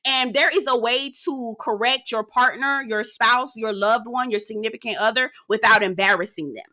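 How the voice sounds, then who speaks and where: A woman's voice: on the high side, moderate pace, bright, forceful tone. A young woman giving a casual, profane reality TV recap, repeating herself for emphasis and laughing often. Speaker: TV show reviewer.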